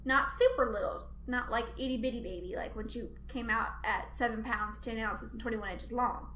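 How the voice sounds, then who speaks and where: A woman host telling a funny family story in a chatty, animated way, laughing often. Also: a little high, normal speed, reverberant, slight background noise. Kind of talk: casual storytelling monologue.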